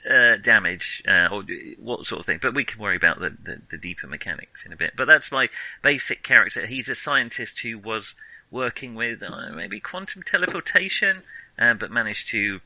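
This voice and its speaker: Bright-voiced Manchester man, rambling. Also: fairly low pitch, animated, normal speed, no echo, rough recording. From Salford, England. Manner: rambling, self-amused, hesitant. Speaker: player. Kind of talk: casual tabletop game chat.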